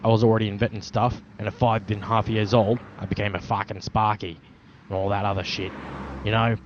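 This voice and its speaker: A low-voiced man rambles in a put-on Australian accent through an in-character roleplay monologue, bragging and swearing at every turn and leaning hard on slang. The recording is dull and lo-fi, with clear street and traffic noise outdoors behind him. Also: level tone, a little fast. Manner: boastful, swears constantly, lots of Aussie slang. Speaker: roleplaying vlogger.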